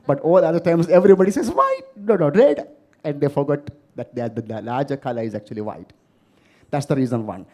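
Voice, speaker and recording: A man's voice: mid-range voice, quick pace, warm tone. A man from the Maldives giving a motivational keynote talk to a live audience, telling stories and asking the audience questions. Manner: storytelling, asks the audience questions. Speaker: keynote speaker.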